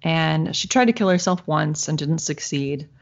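Woman, lowish voice, casual storytelling, animated, acts out quotes, dull lo-fi recording. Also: normal speed, gravelly. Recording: dull lo-fi sound.

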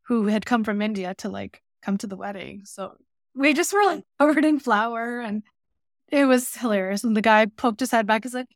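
Woman, interview guest; animated storyteller, dry close sound. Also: on the high side, moderate pace, no room sound. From Canada. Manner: lively anecdotal storytelling with voiced asides. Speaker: podcast guest, baker and cooking teacher.

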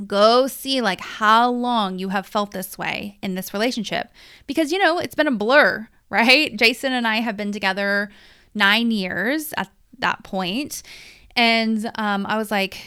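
A woman's voice: mid-range voice, a bit bright, clear, resonant tone. A woman in her thirties hosting a coaching podcast, telling a personal story in a candid, emotional, confessional way.

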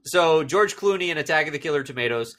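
Excitable man with a bright, lively voice. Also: quick pace. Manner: excitable, jumps to high squeals of surprise. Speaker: podcast co-host. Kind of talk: casual chat.

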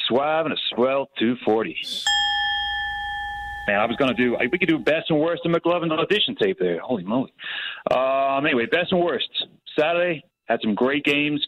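A man's voice: medium pitch, a little hiss or hum. A man calling in to a sports radio show, chatting in a rambling, casual way. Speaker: caller. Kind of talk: casual call-in chat. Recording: dull phone-call audio.

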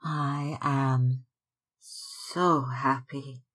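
A man's voice: mid-range voice, steady tone, extremely slow, fairly bright tone, slightly rough, voice pushed up, heavily acted. A man reading aloud, voicing a young girl in love in a raised, breathless, pleading tone. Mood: giddy, lovestruck.

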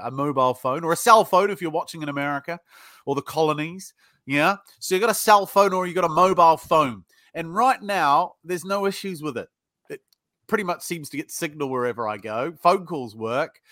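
A man's voice: on the high side, pushed and bright, no echo, studio quality. A middle-aged British man speaking as a sales trainer in a podcast interview, blunt and salty, acting out both sides of sales calls as he tells stories. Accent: British English. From United Kingdom.

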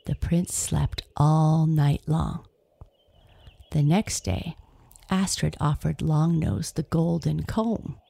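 A woman gently narrating a fairy tale as a storybook reader. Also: low-pitched, slow pace, vocal fry, dry recording.

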